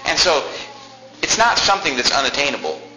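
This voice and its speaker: A man's voice: mid-range voice, sing-song, fairly quick, soft background music. A man preaching a sermon in an earnest, conversational, exhorting way. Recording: echoey room with loud noise.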